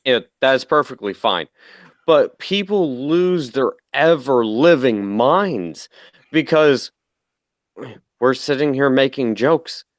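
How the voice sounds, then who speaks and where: A man's voice: mid-range voice, expressive, no echo. A man in casual online chat, arguing his point at length with swearing, from a home mic. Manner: measured, drawn-out argument with swearing.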